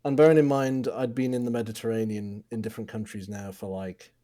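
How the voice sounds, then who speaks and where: Mellow-voiced man in his twenties, chatting. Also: on the low side, fairly even intonation, fairly quick. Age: 20s. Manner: hesitant anecdote-telling with many restarts. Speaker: podcast co-host. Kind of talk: casual chat.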